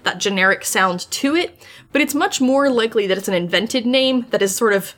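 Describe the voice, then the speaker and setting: A woman co-hosting a casual podcast, chatty and quick to laugh, with lots of filler words as she tells a story. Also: fairly high pitch, animated, a bit bright. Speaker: podcast co-host; amateur folklorist. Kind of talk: casual chat.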